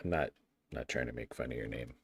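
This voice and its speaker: A man's voice: rumbling low, quick pace, gravelly, slightly rough, no room sound. A man chatting casually on a livestream while building a game map, playful and talkative as he answers viewer chat.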